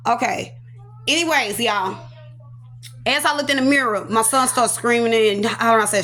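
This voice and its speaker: A woman giving an animated, emotional personal testimony, acting out sound effects and repeating phrases for emphasis. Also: on the high side, measured pace. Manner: animated, dramatic storyteller voicing sound effects and repetitions; casual, talks aside to her children. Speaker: survivor telling her own story.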